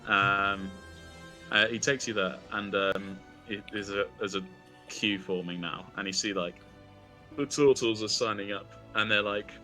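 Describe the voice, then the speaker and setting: Bright-voiced man running a tabletop game. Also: lowish voice, fairly even intonation, unhurried, soft background music. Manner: rambling, many fillers. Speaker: game master.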